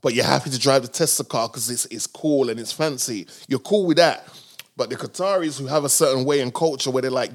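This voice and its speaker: A man co-hosting a podcast, talking in animated, slangy casual chat. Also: mid-range voice, brisk. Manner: animated, slangy, puts on comic voices when quoting others. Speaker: podcast co-host.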